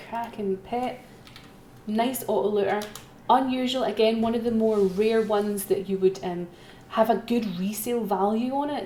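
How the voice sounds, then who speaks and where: A woman's voice: medium pitch, a little mellow, a little hiss or hum. Chatty woman calling an auction. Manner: chatty, self-mocking, repeats calls for bids. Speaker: auction host. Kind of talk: live-streamed auction commentary. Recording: roomy echo, faint keyboard typing.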